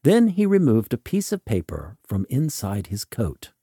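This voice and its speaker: A man narrating a story in a slow, measured and expressive way. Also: medium pitch, breathy edge, no echo, clean studio sound.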